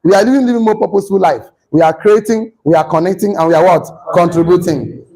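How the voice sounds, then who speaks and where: A man lecturing a class, animated, repeating himself and putting questions to the room. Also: high-pitched, fast, low-quality recording.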